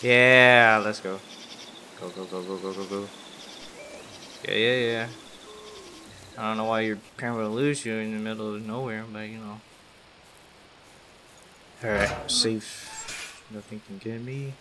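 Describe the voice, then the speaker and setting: A man with a fairly low voice talks his way through a horror game as he plays. He mutters to himself and rattles off the same words in quick bursts whenever something startles him. The recording has a clear layer of noise behind him. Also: fairly even intonation. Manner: jumpy, talks to himself, repeats phrases when scared. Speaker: gaming YouTuber. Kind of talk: live gameplay commentary.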